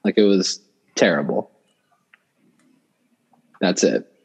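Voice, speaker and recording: A young man tells a story in a slightly low voice. He rambles, piles on fillers and keeps restarting sentences as he goes. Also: expressive, takes it slowly, husky, low-quality recording. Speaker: guest storyteller. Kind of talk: casual storytelling.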